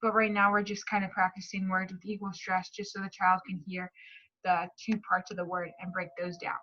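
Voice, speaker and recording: A woman explains a speech therapy lesson plan at a mid pitch. She reads from a prepared script and stumbles and restarts now and then. The recording sounds dull and lo-fi. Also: little pitch movement, brisk, pushed and bright, a little hiss or hum.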